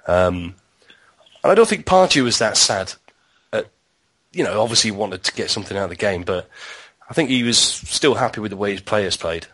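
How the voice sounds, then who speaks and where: A man on a football podcast panel, talking in halting bursts with frequent restarts. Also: on the low side, expressive, fairly bright tone. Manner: halting, restarts words often. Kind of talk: casual football podcast chat.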